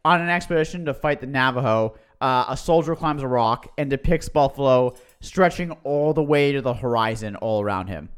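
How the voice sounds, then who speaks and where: A man co-hosting a casual podcast, telling history in an excitable, joking way. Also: medium pitch, normal speed, hardly any pauses, smooth. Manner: excitable, tells history with jokes. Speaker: podcast co-host. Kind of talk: casual chat.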